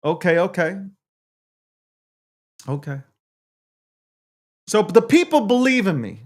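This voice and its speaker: A man with a high-pitched voice hosts his own live stream, talking loosely and profanely as he reads out viewer comments. He swings between playful wounded feelings and loud hype. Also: very animated, slow pace. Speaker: livestream show host. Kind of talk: casual live-stream chat.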